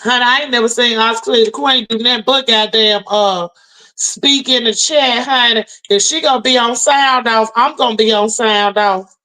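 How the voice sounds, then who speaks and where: A woman's voice: a little high, normal speed, sharp tone, poor audio. A woman hosting a livestream and telling her chat a story in a heated, profane rant, a little tipsy from drinking. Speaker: livestream host.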